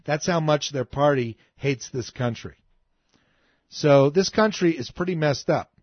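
A man's voice: a little high, measured pace, no room sound, highs cut off. A man hosting a political talk show, delivering an indignant, emphatic monologue that scolds as he goes. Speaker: radio talk show host.

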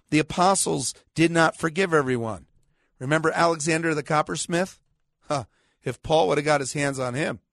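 A middle-aged man, a pastor hosting a radio show, preaching argumentatively with sarcastic rhetorical questions and slow, stressed scripture quotes. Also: on the high side, a bit bright, dry recording, studio quality.

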